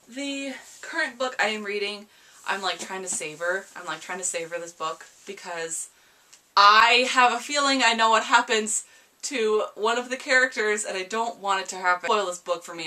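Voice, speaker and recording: A woman's voice: medium pitch, moderate pace, bright, forceful tone. A young woman from America chatting casually to camera about library books, rambling and playfully dramatic. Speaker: book vlogger. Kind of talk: casual book chat to camera.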